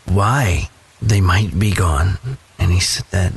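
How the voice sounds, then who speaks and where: A man giving a slow, thoughtful Bible devotional, telling personal stories. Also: low-pitched, gravelly, husky. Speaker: devotional speaker.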